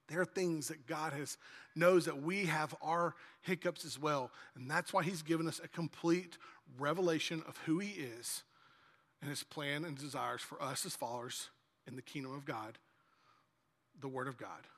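A man preaching a sermon as pastor, animated and acting out dialogue in lively asides, in a church hall. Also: fairly high pitch.

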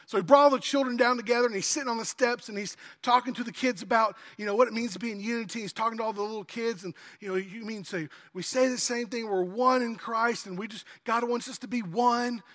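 A man's voice: very high voice, steady tone, fast, hardly any pauses, fairly bright tone. A man preaching a sermon in a church, reading scripture aloud and talking conversationally with the congregation, sometimes acting out voices of pleading kids. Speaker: pastor. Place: church sanctuary. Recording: long hall reverb.

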